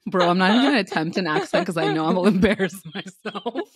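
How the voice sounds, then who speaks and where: A woman's voice: fairly low pitch, expressive, fast talker, slightly rough, no room sound. A young woman in her twenties co-hosting a podcast, teasing her friend, laughing often and swearing casually. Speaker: podcast co-host. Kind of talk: casual chat.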